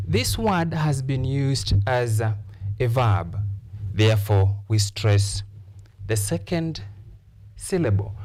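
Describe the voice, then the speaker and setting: A man from Kenya, teaching a televised classroom lesson. He explains deliberately, repeats his examples and pauses on "uh" fillers. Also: medium pitch, big pitch swings, a little mellow.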